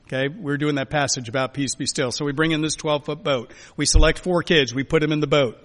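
A man preaching a sermon as a pastor, emphatic, swinging between loud urging and quiet, soft lines. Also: on the high side, steady tone, fast talker. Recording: long hall reverb.

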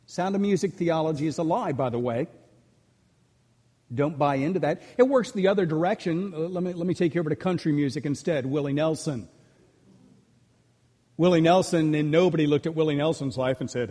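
A man's voice: sits high, animated, normal speed, darkish tone. An older man preaching a sermon, earnest and emphatic, with frequent restarts as he builds his points. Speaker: pastor. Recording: long reverb of a large hall.

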